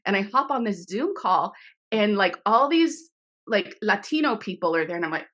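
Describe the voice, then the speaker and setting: A middle-aged woman, an author, telling a story in a casual interview over a video call, animated and laughing often, with many restarts. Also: mid-range voice, normal speed. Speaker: author guest.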